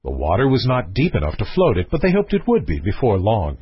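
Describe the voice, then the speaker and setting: A man reading a fairy tale aloud as narrator, with an expressive, varied delivery and a husky voice. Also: fairly low pitch, fairly quick, no echo, highs cut off. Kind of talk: storybook reading.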